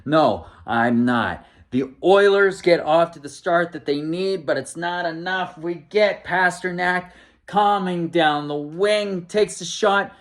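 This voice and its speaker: A man hosting a casual hockey game recap as an excitable, often exasperated fan. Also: on the high side.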